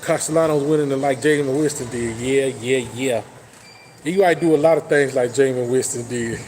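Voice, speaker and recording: A man hosting a casual football talk show, hyping his team with loud, boastful trash talk. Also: mid-range voice, a little fast, a little hiss or hum. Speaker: sports talk host. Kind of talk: casual sports chat.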